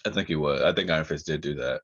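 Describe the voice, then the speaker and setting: A man's voice: a bass voice, fast talker, breathy edge, highs cut off. A man co-hosting a casual comics podcast, chatting loosely and laughing easily. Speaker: podcast co-host. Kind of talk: casual chat.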